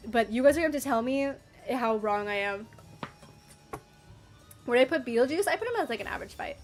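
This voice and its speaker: Playful streamer woman, slightly high voice. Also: brisk, soft background music. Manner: playful and animated, reacting to chat with mock outrage and laughs. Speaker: streamer reading chat. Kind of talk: casual livestream chat.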